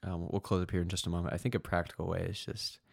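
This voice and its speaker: Deep, gravelly young man. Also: level tone, no echo, clean studio sound. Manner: halting, many fillers and restarts. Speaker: podcast host. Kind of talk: casual faith discussion.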